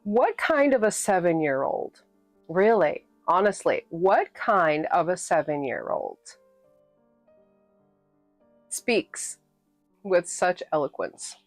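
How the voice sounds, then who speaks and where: A woman's voice: on the low side, animated, slow, no echo, soft background music. A woman from New England chatting casually with her live-stream viewers, playful and sassy and laughing often. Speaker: livestreamer and author reading her novel.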